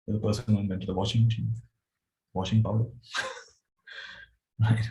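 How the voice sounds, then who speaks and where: A male spiritual teacher giving a gentle dharma talk, chuckling as he tells stories. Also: on the low side, vocal fry, highs cut off.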